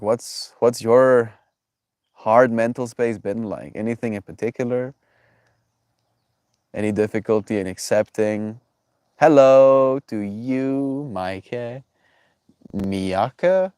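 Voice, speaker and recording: A man's voice: on the low side, darkish tone, no room sound, studio quality. Stuffy-nosed man musing with his stream chat. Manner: reflective, affectionate, reads chat names aloud. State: stuffy nose. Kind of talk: casual live-stream chat with viewers.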